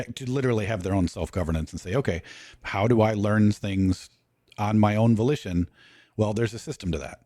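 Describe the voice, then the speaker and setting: A man's voice: low voice, warm tone, breathy edge, no echo, studio quality. A man in casual talk, lecturing and walking through his points one by one.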